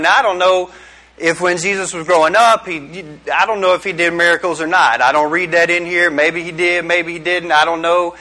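A man's voice: fairly high pitch, sharp tone. A middle-aged man giving a casual youth sermon, joking and quizzing his audience. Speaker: youth pastor. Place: small room with a group.

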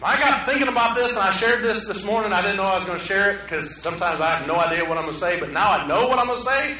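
A middle-aged man preaches a sermon, dropping to near-hushed stretches and then rising sharply. His voice sits high and bright. It is picked up from a distance in a reverberant room. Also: expressive, quick pace, a little hiss or hum. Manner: preaching with big swings from quiet to loud. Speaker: pastor. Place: room with an audience.

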